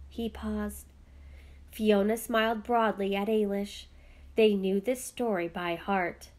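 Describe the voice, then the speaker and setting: A woman reading a children's picture book aloud with gentle, expressive storytelling. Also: medium pitch, a little slow.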